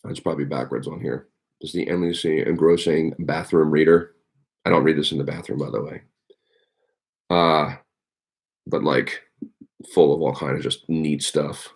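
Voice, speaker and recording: A man's voice: rumbling low, steady tone, moderate pace, creaky, pauses often, husky. A man, a teacher, chatting casually on a livestream, rambling with lots of ums and you-knows.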